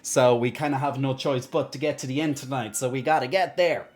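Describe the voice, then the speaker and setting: A woman's voice: very deep voice, brisk, darkish tone, soft background music. A woman streamer chatting casually on a game livestream, giggly and rambling.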